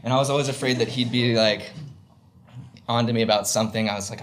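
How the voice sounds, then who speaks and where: A man's voice: mid-range voice, fairly even intonation, fast talker, long pauses. Chatty young man telling a story. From Southern United States. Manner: chatty, filler-heavy, laughs while telling. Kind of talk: live comic storytelling. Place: stage before a live audience.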